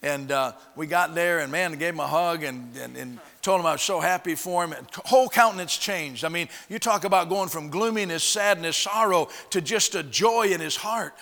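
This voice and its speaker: A man preaching from the pulpit, spinning a story and voicing each person in it as he goes. His voice sits a bit high and comes across bright and forceful. A long reverb trails after him, as if he is in a church sanctuary. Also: normal speed, hardly any pauses. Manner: animated storyteller acting out dialogue, frequent restarts. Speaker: pastor. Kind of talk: storytelling sermon.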